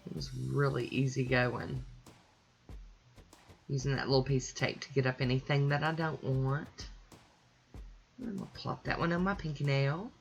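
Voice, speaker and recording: A woman's voice: a bass voice, normal speed, vocal fry, pauses often. A woman hosting her own nail polish channel, talking through a manicure in a chatty, easygoing voice-over. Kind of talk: casual voice-over tutorial.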